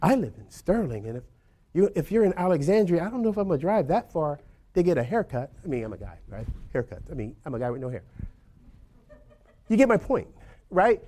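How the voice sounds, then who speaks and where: A man with a fairly high voice gives an informal lecture to a class of agents. He rambles between points and keeps checking in with "right?", talking over a video call. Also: big pitch swings, brisk, mellow. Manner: conversational, rambling, says "right?" often. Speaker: real estate instructor.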